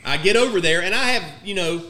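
A man casually telling a profane story with friends, acting out the quotes in an animated way. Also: sits high, fast talker, a little hiss or hum.

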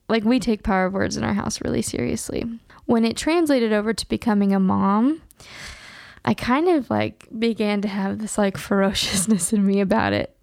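A young woman talks candidly into the mic, earnest and open, laughing between quick asides. Her voice carries a gravelly fry at the ends of phrases, and the sound is dry and close with no room around it. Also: medium pitch, a little mellow, no room sound. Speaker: podcast host. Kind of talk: casual chat.

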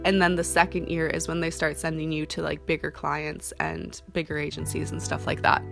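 A woman's voice: low-pitched, fairly quick, gravelly, few pauses. A young woman who works as a model, giving casual career advice in a chatty way, full of ums and likes. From Canada. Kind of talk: casual talking-to-camera advice. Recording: soft guitar music underneath.

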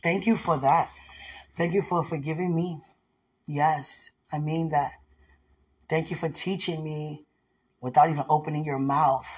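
A husky, slightly high-voiced vlogger speaks unhurriedly to his fiancé from home beside a window, his tone steady and broken by frequent pauses. The talk is casual, loving and devotional, full of rambling and laughter.

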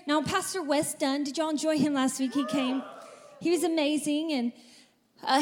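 A woman pastor preaching a sermon to a congregation in a church, with energetic, emphatic delivery and repeated phrases. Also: sits high. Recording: reverberant church hall.

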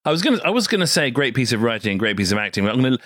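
A man's voice: mid-range voice, sing-song, very fast, a bit bright, no room sound, clean studio sound. A man hosting a podcast, chatting casually, often hesitant and laughing. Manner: hesitant, frequent fillers and restarts, laughs often. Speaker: podcast host.

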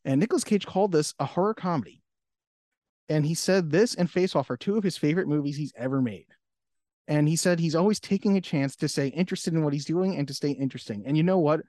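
A man's voice: on the high side, fast, a little mellow, dry recording, clean studio sound. A man co-hosting a podcast in casual chat, laughing often and acting out quotes. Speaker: podcast co-host.

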